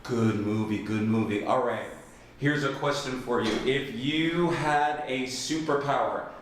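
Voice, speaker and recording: A man's voice: mid-range voice, unhurried. A man hosting a casual interview, enthusiastic and fond of repeating his phrases. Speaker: interview host and English teacher. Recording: very echoey room, faint noise.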